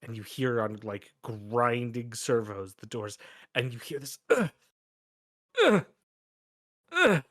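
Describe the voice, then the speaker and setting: A man narrating a tabletop game as game master, casual and halting. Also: mid-range voice, steady tone, a bit bright, dry recording, studio quality. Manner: casual, halting, lots of restarts.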